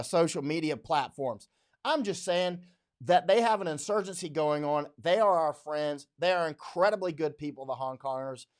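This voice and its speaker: Male streamer, blunt combative delivery with repetitions, slightly raised pitch. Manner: blunt, combative, repeats himself. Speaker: livestream host, war correspondent. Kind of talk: live-stream commentary.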